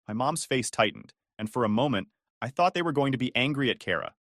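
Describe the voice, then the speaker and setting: A man's voice: medium pitch, expressive, brisk, hardly any pauses, fairly bright tone, dry recording, clean studio sound. A male text-to-speech voice narrating a first-person family drama story.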